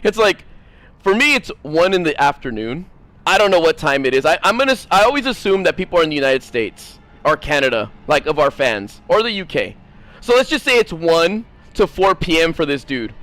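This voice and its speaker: A man with a high-pitched voice streams a game and rants at his chat. He rambles, swears freely and slips into quick mimicry of others. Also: very animated, a bit bright. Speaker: gaming streamer. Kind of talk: casual stream rant.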